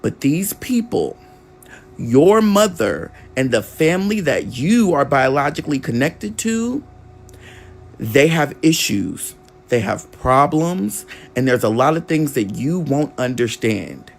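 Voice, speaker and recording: A man quoting his adoptive mother, speaking slowly and deliberately in a calm, serious tone close to his own voice. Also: medium pitch, gravelly, full character voice. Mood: solemn. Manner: slow, deliberate, solemn.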